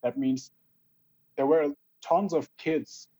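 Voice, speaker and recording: Mellow husky man on a call. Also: a little high, slow, poor audio. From Germany. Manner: hesitant, self-mocking. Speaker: guest. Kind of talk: casual video call chat. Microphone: video call.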